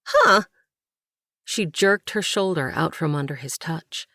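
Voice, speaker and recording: Casting: low-voiced woman narrator, slow measured reading, dry close mic. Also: vocal fry, no echo. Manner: measured, even storytelling. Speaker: audiobook narrator. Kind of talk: scripted narration.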